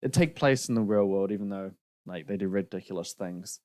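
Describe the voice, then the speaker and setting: A man's voice: deep voice, brisk, dark tone, no room sound, clean studio sound. A young man co-hosting a podcast, giving his opinions on films in a casual chat and laughing easily. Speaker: podcast co-host.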